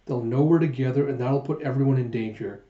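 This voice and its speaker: A man voicing a gruff, blunt young male bodyguard in a manga read-aloud, speaking in an offhand way. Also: mid-range voice, fast talker, mellow, close to an everyday voice. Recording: echoey room, dull sound.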